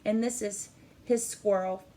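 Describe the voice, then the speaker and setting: A middle-aged woman teacher speaking gently and encouragingly to young children in an online class, with a sing-song lilt. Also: mid-range voice, steady tone, a little slow.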